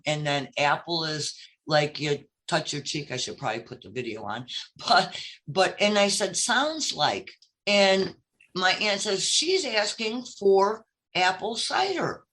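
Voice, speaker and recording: A guest with a Brooklyn accent tells a long personal story in casual conversation. The talk rambles and is full of ums and restarts. The pitch sits in the middle range. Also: fairly bright tone, rough recording. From upstate New York. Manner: rambling storyteller, many fillers. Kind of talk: casual chat.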